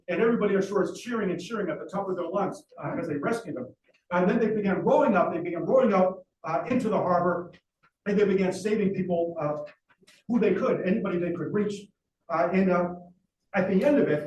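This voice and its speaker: A man with a fairly high voice tells a history as a gripping story, stopping often for "uh" fillers. He sounds set back from the microphone in a roomy space with echo, and a faint hiss runs underneath. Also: darkish tone, far from the mic. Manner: dramatic storyteller with frequent "uh" fillers. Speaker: lecturer. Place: library talk room.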